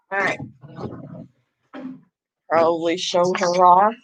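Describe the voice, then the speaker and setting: Bright, breathless woman chatting with viewers. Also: measured pace, long pauses, low-quality recording. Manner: chatty, baby-talks her pets in a high voice. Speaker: pet channel host. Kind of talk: casual live-stream chat.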